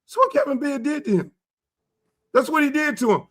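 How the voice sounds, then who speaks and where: A middle-aged man hosting a sports talk show, animated and profane, acting out quoted dialogue as he rants. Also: very high-pitched, brisk. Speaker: show host.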